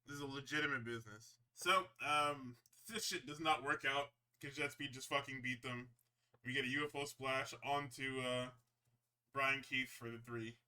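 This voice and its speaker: A man co-hosting a podcast, casually recapping wrestling shows in an animated, profane way and slipping into quick impressions. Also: medium pitch. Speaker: podcast co-host.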